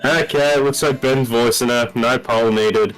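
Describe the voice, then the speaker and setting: A man's voice: mid-range voice, fairly even intonation, measured pace, fairly bright tone, soft background music, low-quality recording. Swearing, laid-back young man. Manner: loose, swears and laughs. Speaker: let's-play co-host. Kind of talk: casual gameplay chat.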